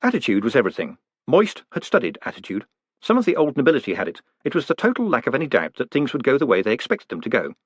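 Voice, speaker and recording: A man reading a fantasy novel aloud as an audiobook, with expressive, wry storytelling. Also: mid-range voice, fast, slightly rough, no echo. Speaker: audiobook narrator. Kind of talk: audiobook narration.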